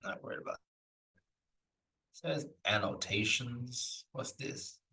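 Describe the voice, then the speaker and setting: A man teaching a live lesson, reading old texts slowly aloud and then explaining them in loose, searching asides. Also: mid-range voice, bright, forceful tone, recorded from a distance, poor audio. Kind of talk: live recorded scripture lesson.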